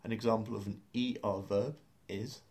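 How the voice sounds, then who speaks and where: In a beginner language lesson, a man walks through grammar step by step and spells words out letter by letter. His voice is on the low side and darkish, with a steady tone and a normal speed.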